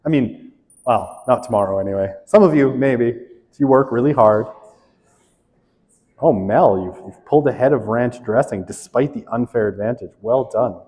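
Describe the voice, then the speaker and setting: A man's voice: mid-range voice, moderate pace, dark tone, in a large hall. A male instructor running a class quiz review, reading questions aloud and joking with students.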